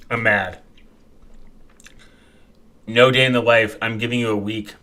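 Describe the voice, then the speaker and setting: A man ranting as he reacts to videos, swearing and mocking, dropping to quiet mumbles and then bursting into loud shouts. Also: fairly low pitch, steady tone, measured pace, pauses often. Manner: angry, profane, mocking, breaks into sudden shouts; mumbles quietly while reading comments aloud.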